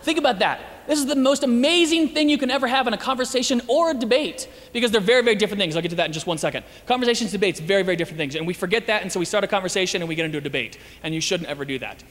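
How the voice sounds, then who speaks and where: A man giving a lively, joking talk to an audience as a Christian speaker, acting out the voices he quotes. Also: high voice, racing, few pauses, big-room sound.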